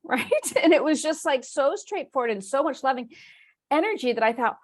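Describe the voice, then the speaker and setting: A woman's voice: high-pitched, lively intonation, moderate pace. A woman leading a spiritual workshop, telling stories in a chatty way, acting out her inner voice in quoted asides and laughing often. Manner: warm, chatty storytelling with frequent laughs. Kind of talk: live online workshop talk.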